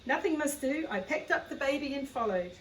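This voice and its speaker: A woman's voice: sits high, expressive, brisk, a little hiss or hum, pitched above the performer's own voice. A woman reading the part of a talkative little Scottish farm wife and former nurse, with a light Scottish accent and a homely, chatty manner. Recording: echoey room, far from the mic.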